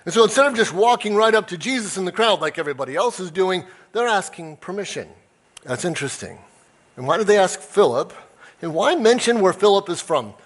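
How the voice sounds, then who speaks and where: High-voiced male pastor, animated sermon. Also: fairly quick. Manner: animated storytelling, acts out quoted voices; self-described nerd, conversational.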